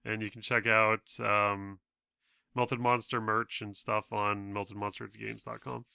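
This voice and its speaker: A man chatting as a podcast guest, stopping and restarting as he goes. His voice is very bright and gravelly, yet smooth. It sounds dry and close. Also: fairly low pitch, level tone, a little slow, dry recording. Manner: hesitant, full of ums and restarts. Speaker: podcast guest, game developer. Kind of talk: casual chat.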